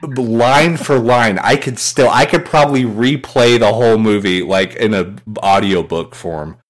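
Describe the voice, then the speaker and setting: A man co-hosting a casual podcast chat, rambling and excitable, swearing casually. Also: lowish voice, unhurried. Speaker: podcast co-host.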